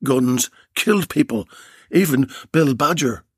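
A man's voice: mid-range voice, animated, unhurried, breathy edge, dry recording, studio quality. A man narrating a story chapter in a wry, dramatic reading style.

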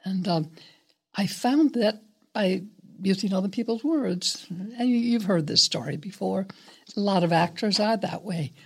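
An older woman, a guest actress, telling stories in an interview in a reflective, unhurried, somewhat hesitant way. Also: mid-range voice, animated, gravelly, breathy edge. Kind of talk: interview storytelling.

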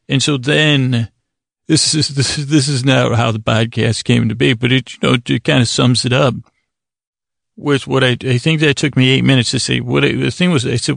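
A man's voice: mid-range voice, steady tone, normal speed, creaky, dry recording. A man hosting a sleep podcast, talking in a rambling, wry way, full of stammers and restarts, close to the mic. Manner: stammering, self-interrupting, wry. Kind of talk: rambling casual monologue.

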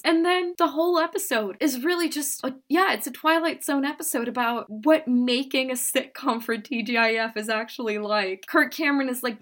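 A woman from the United States co-hosting a podcast, telling stories in a lively, profane way. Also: high voice, normal speed, few pauses. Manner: lively, profane storytelling with bursts of put-on voices. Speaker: podcast co-host. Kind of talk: casual chat.

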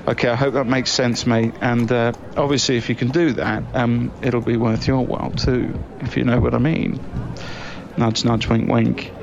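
A man's voice: medium pitch, little pitch movement, normal speed, creaky, dull audio, noisy background. Breezy, chummy man leaving voice notes. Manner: chummy and breezy, saying mate a lot. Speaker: comedy podcast co-host. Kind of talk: improvised comic voice-message monologue.

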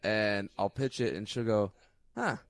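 A man from Georgia, a songwriter guest, talking in animated chat and acting out little scenes. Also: fairly low pitch, brisk, dry recording. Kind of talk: casual interview chat.

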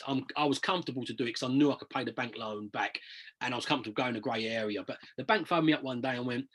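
Guy rattling on fast about property deals, husky voice a bit on the high side. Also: fairly bright tone. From southern England. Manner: chatty, rambling, repeats words when restarting. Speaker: property investor and coach. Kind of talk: casual interview storytelling.

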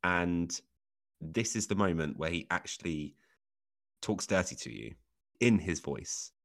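Podcast co-host, very deep voice, swoops up and down a lot, playful teasing. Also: male voice, animated, measured pace, fairly bright tone. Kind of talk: casual chat.

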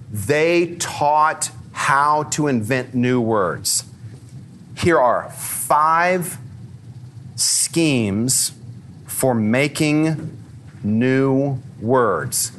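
A man giving a lively, conversational talk to a live audience, peppering his speech with fillers and questions for the crowd. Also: mid-range voice, slight background noise.

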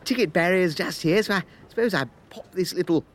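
A man's voice: high voice, a little fast. A man narrating a comic audio sketch, bumbling and chatty, talking to listeners as his friends.

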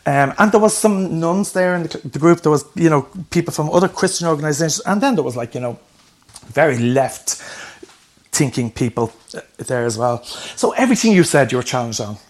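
A middle-aged man telling his life story candidly in an interview, animated and swearing freely. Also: on the high side, moderate pace. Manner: animated, swears freely, acts out voices in anecdotes. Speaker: guest.

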